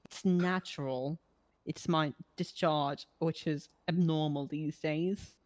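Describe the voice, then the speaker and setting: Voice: mid-range voice, steady tone, slow pace, darkish tone, no room sound, natural voice. A player voicing an eccentric woman in a police car who talks bluntly and overshares in a rambling way. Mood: oversharing.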